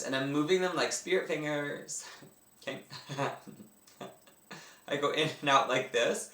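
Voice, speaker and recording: Pushed and bright, a medium-pitched male voice guides yoga breathing in a casual, enthusiastic instructional talk. The Canadian speaker describes each movement as he does it, captured by a faraway mic in a room with echo.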